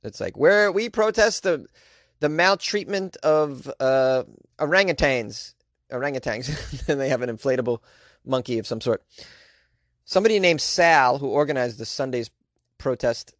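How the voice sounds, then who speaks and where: A man's voice: mid-range voice, no room sound, clean studio sound. An American man hosting a weird news segment, reading stories and mocking them sarcastically, often laughing. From United States. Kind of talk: sarcastic comedic news commentary.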